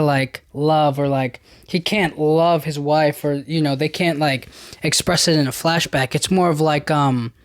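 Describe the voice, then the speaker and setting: A young man talks through a film in a loose, rambling podcast monologue, full of filler words and exasperated asides. His voice sits a bit high for a man. The sound is close and dry. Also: no room sound. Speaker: podcast host. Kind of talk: casual movie review monologue.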